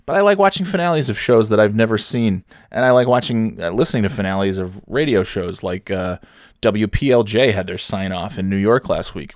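A man's voice: lowish voice, dry recording. Rambling, self-mocking man on a dry mic. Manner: rambling, self-deprecating, profane. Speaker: podcast host. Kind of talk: casual solo podcast monologue.

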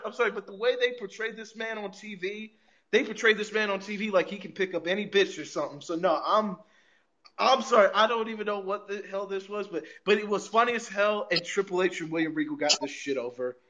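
A man's voice: high voice, brisk, sharp tone, low-quality recording. A man hosting a podcast, recapping wrestling in casual, profane chat, often repeating words and laughing. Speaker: podcast host.

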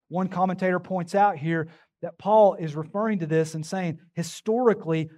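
A man's voice: on the high side, darkish tone. A man preaching a sermon as pastor, emphatic and calling out to the congregation.

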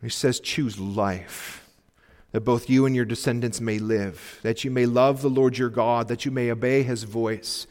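A male pastor preaching a sermon, earnestly urging his listeners and dropping to soft pleas. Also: mid-range voice, fairly even intonation, unhurried. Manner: earnest, pleading exhortation with sudden soft drops. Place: church sanctuary. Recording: long reverb of a church hall.

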